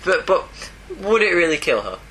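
A man's voice: sits high, big pitch swings, moderate pace, a bit bright, slight background noise, poor audio. A man co-hosting a podcast, chatting casually and joking in a laid-back way. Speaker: podcast co-host. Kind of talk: casual chat.

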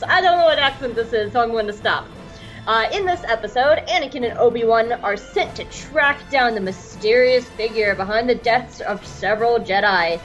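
A woman co-hosting a casual podcast, bubbly and excitable, with lots of "like"s. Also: on the high side, normal speed, faint music behind, poor audio. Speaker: podcast co-host.

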